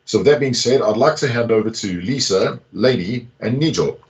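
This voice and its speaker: Excitable man hosting a live online event. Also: mid-range voice, moderate pace. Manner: excitable, jokey, chatty. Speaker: host. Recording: dull lo-fi call audio.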